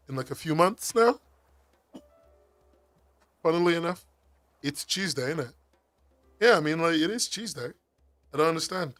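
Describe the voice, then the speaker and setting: English dude yelling at his chat from home, kinda high voice, swears constantly, faint music in the back. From England. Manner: excitable, swears a lot, laughs often. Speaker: streamer. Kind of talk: casual live-stream chat with viewers.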